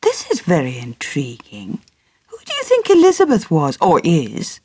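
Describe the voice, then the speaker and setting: A woman's voice: sits low, wildly swooping pitch, normal speed, darkish tone, husky, no room sound, heavily acted. A woman doing a lovestruck upper-class young man. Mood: curious.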